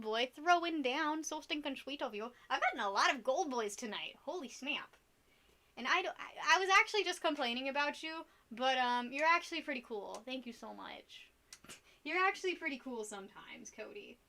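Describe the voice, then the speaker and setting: Bright-voiced chatty young woman streamer. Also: sits high, animated, normal speed. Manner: rambling, chatty, giggly. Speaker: art streamer. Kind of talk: casual live-stream chat while painting.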